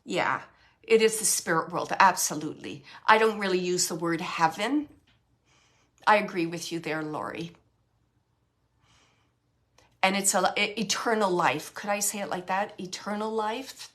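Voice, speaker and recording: A woman's voice: on the low side, normal speed. A middle-aged woman hosting a casual live chat as a medium, rambling and correcting herself as she reassures viewers.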